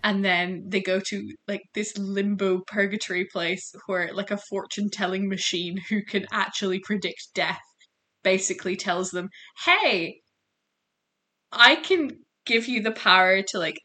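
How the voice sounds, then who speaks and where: Bright, eager young woman. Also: medium pitch, unhurried. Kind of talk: casual chat.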